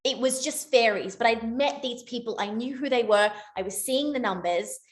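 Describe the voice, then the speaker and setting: A young woman with a slightly high voice talks casually to her team, rambling and chatty. She keeps correcting herself mid-sentence and fills gaps with "like" and "um". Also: normal speed. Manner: chatty, rambling, with many likes and self-corrections. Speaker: network marketing team leader. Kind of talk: casual motivational talk.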